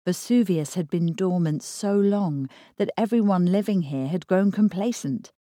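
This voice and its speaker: Woman, audiobook narrator, measured even reading, low mellow voice, dry close recording. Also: dry recording. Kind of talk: scripted narration.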